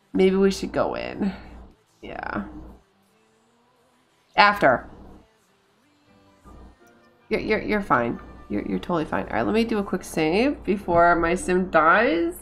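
A woman's voice: lowish voice, gravelly, a bit bright. A woman in her thirties giving casual let's-play commentary, chatting to her game characters and to her viewers. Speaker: game streamer.

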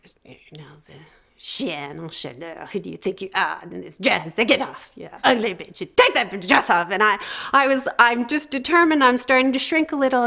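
Middle-aged woman, storytelling talk, conversational, animated, halting restarts, middle pitch. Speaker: speaker giving a talk.

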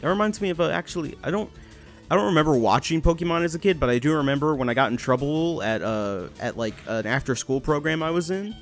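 A man's voice: a little high, animated, fast talker, faint music behind. A young man commentating his gameplay, telling a story in a rambling, swearing way with many restarts. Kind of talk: casual storytelling over gameplay.

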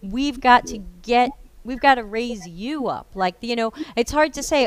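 A woman hosting a podcast, talking about mentoring in an earnest, heartfelt and expressive way. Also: on the high side, a little slow, dry recording. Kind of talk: casual podcast conversation.

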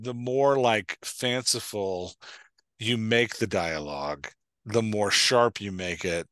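A man co-hosting a podcast on writing, talking in a thoughtful, halting way with many restarts. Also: fairly low pitch, fairly bright tone, dry recording. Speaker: podcast co-host. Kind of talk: casual chat.

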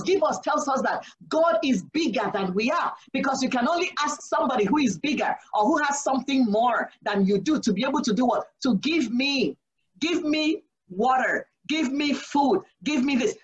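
On a muffled recording, a woman whose voice sits high teaches a church Bible study as a deaconess. Earnest and exhorting, she asks rhetorical questions, answers them herself, and peppers her talk with "Praise the Lord".

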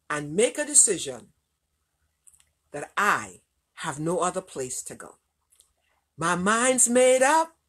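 A woman preaching a sermon with passion, swinging between loud, rising lines and hushed, low ones.

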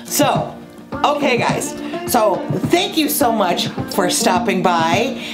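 A middle-aged woman vlogger chatting to camera in a casual, self-mocking way, her voice often trailing off low at the ends of phrases. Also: lively intonation, slow, music in the background.

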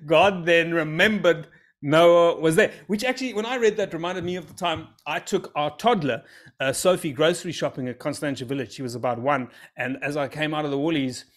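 A man's voice: fairly high pitch, fairly quick. Jokey man retelling a story. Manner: jokey, self-amused, rambling asides. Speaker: comic storyteller. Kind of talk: comedic retelling of a scripture story.

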